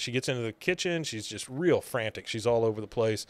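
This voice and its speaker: A man's voice: mid-range voice, expressive, fairly quick, no room sound. A man with a mid-range voice casually retells a cartoon episode for a podcast, chuckling and dropping easy fillers. His voice is close and bone-dry, with no room sound. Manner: laughs through retelling scenes, many uh fillers. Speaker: podcast co-host.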